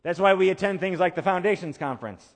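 A man's voice: sits high, fast, big-room sound. A male pastor giving a conversational sermon, repeating key phrases for emphasis. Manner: conversational preaching with emphatic repetition.

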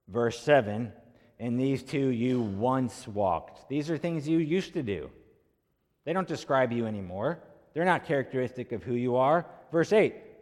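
A man preaching a sermon as pastor, telling a story in a conversational way and acting out the quoted voices. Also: medium pitch. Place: church sanctuary. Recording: long hall reverb.

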